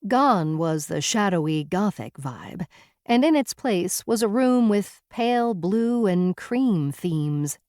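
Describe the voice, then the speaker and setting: A woman's voice: mid-range voice, animated, slow, a little mellow, dry recording, clean studio sound. A woman narrating a first-person novel in a wry, conversational manner. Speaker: audiobook narrator.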